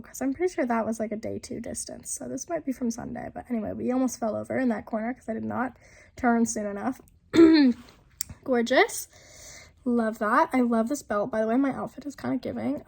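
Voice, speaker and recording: A young woman narrating a casual vlog voiceover, chatty and rambling with lots of fillers, her voice rough from a lingering illness. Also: on the high side, a little mellow. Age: young adult. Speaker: vlogger. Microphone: voiceover mic.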